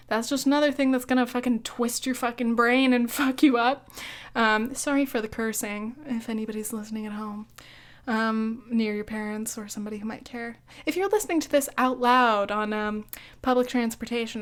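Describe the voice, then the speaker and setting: A young woman hosting a solo podcast, rambling casually with lots of fillers, cursing freely and laughing as she talks, hiccuping now and then. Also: on the high side. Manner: chatty, profane, laughs often, filler-heavy. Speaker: podcast host.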